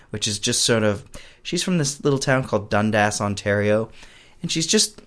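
A man's voice: mid-range voice, fairly bright tone. A man being interviewed about his puppet shows, chatting casually and rambling, often trailing off mid-sentence. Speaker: guest, puppet show creator.

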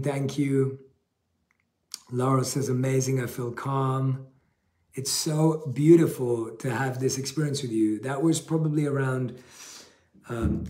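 Gentle man guiding a meditation, roomy echo. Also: medium pitch. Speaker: meditation guide and live stream host. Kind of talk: guided meditation and live chat.

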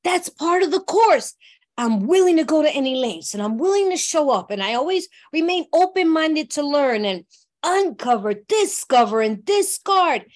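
At a workshop, a New York woman in middle age recounts her own recovery with heartfelt, chatty warmth, often checking in with a "you know what I mean." Her high voice is very animated, moving at normal speed.

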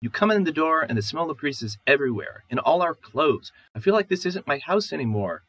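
Man voicing a distressed young wife, high-pitched, shrill, loud, aggrieved, husky edge. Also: very animated, brisk, exaggerated voice, low-quality recording. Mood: pleading.

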